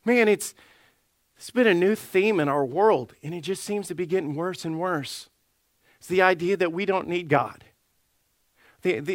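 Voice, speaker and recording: A man, a lead pastor delivering an animated sermon. He clears his throat often and acts out the voices he quotes. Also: high-pitched, no echo.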